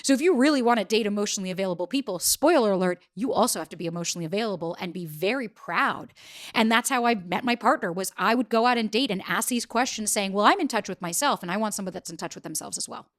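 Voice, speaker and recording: A quick-talking woman in her thirties answers interview questions as a dating coach. She is animated and slips into acted-out quotes. Her pitch sits in an ordinary middle range. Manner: animated, acts out quoted dialogue.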